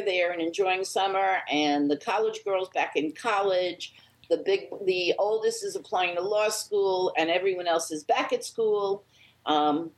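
An older woman, a grandmother, shares family news in a casual group chat. She talks in a chatty, animated way, her voice sitting in the middle range for a woman. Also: mid-range voice, low-quality recording.

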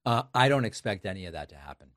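A man's voice: low voice, lively intonation, fast talker, a bit bright, no echo, clean studio sound. A man giving sarcastic political commentary on news clips, mocking what he plays.

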